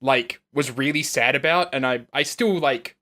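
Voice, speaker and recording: A man's voice: medium pitch, moderate pace, bright, forceful tone. A man co-hosting a gaming podcast, rambling eagerly with lots of fillers and the odd swear word. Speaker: podcast co-host. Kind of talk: casual gaming podcast chat.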